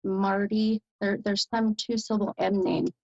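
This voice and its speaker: An American woman with a gravelly, fry-tinged voice gives a psychic medium reading, full of ums and pauses. The sound is dull and lo-fi. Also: medium pitch. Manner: hesitant, lots of fillers, animated bursts of delight.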